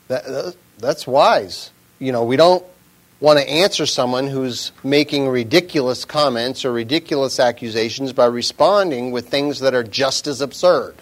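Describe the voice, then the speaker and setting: A man preaching slowly and plainly. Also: medium pitch. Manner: slow, measured, conversational, drops to a whisper at times. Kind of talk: informal sermon.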